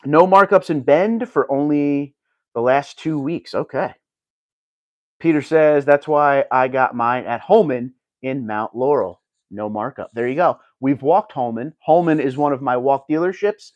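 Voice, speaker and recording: A man's voice: medium pitch, a little slow, a little mellow, no room sound, muffled recording. A man hosting a casual livestream, chatting and reading viewer comments aloud. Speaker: livestream host reading chat.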